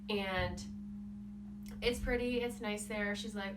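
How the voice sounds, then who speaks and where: A woman's voice: medium pitch, fairly even intonation, unhurried, pauses often, very noisy. A woman giving a casual, playful book recap as a vlogger, leaning heavily on "like" as she retells the plot. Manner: chatty, playful, says "like" constantly. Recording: voice somewhat far from the mic.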